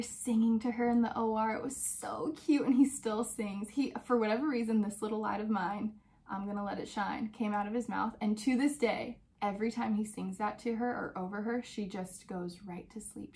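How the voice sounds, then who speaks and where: A young woman hosting a podcast, telling a personal story in a chatty, animated way with many fillers. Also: on the high side. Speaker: podcast host.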